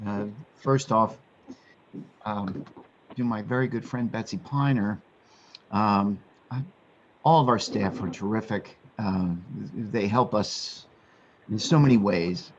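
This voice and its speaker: A man speaking as a commissioner at a public meeting, offering sincere remarks haltingly, with many restarts. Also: on the low side, muffled recording, a little hiss or hum.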